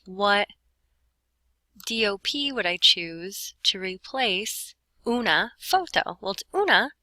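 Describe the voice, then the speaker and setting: Woman Spanish teacher, step-by-step explainer, bright tone, dry recording. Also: medium pitch, no room sound, poor audio. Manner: explains step by step, talks to herself while writing. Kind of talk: lesson walkthrough.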